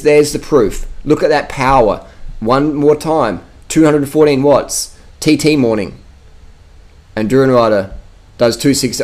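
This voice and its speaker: A brash Australian man talking over cycling footage in casual vlog commentary. He swears freely and hammers his points home with emphatic repetition. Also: medium pitch. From Adelaide, South Australia. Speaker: cycling vlogger.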